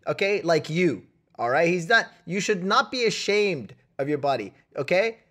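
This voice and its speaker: A man co-hosting a comedic movie-debate podcast, arguing in a loud, mock-indignant way and tagging his lines with "okay?" and "all right?". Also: sits high, sing-song, moderate pace. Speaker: podcast co-host.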